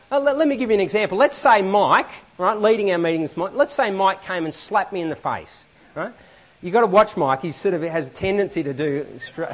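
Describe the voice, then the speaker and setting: A man preaching a sermon in a church hall, animated and often asking the congregation questions. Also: high voice.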